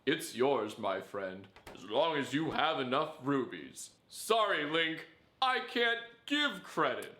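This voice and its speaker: A man voicing a pushy middle-aged game shopkeeper with a drawn-out sales pitch. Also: sing-song, pushed and bright, echoey room, full character voice. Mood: salesy.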